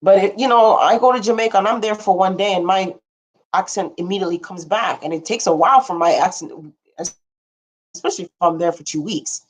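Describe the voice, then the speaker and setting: A woman's voice: medium pitch, brisk. A young woman hosting a casual livestream, rambling frankly with blunt asides and casual swearing, and answering viewer comments as she talks. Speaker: livestream host.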